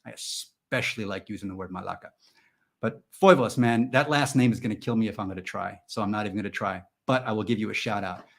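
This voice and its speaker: A man hosting a live stream and chatting with viewers in a goofy, rambling way, jumping from loud mock-indignant bursts to mumbled asides. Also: fairly low pitch, quick pace, vocal fry. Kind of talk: joking live chat with viewers.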